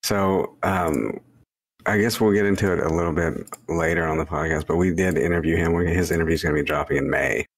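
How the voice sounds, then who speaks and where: A man's voice: sits low, steady tone, a little fast. A man hosting a podcast over a voice call, laid-back and loose, with casual swearing. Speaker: podcast host. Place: home, remote voice call.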